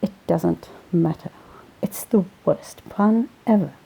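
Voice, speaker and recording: A woman's voice: on the low side, slow pace, creaky, mellow, husky, heavily acted, rough recording. A woman voicing a grumpy, sardonic young man. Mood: glum. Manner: glum, sarcastic.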